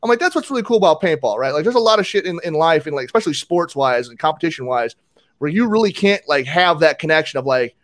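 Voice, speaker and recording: A man telling a casual paintball story, acting out quotes with animated delivery. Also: fairly high pitch, fast. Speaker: paintball player.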